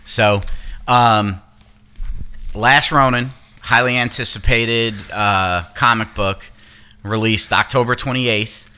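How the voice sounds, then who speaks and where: A man's voice: medium pitch, fairly even intonation, slow pace, pushed and bright, clear, resonant tone. A man hosting a casual podcast chat, rambling, swearing now and then and explaining at length. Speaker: podcast host.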